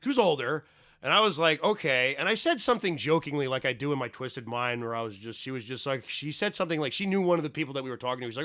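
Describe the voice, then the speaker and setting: A man's voice: medium pitch, expressive, fast talker, a bit bright. A man who does stand-up, telling a rambling, profane story in a casual podcast chat. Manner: rambling, profane, filler-heavy storytelling with laughs. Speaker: podcast host; stand-up comedian.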